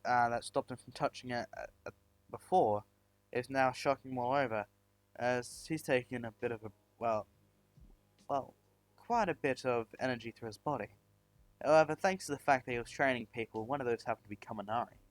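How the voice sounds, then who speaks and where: A man's voice: medium pitch, no room sound. Man rambling through a fan story. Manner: rambling, many fillers and restarts.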